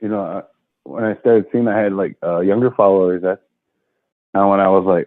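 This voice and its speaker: A man's voice: sits low, steady tone, fast, dry recording. A man speaking as a guest in a casual interview, easygoing and rambling, with plenty of fillers. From Leech Lake, Minnesota. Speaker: guest comedian. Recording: tinny phone-like call line.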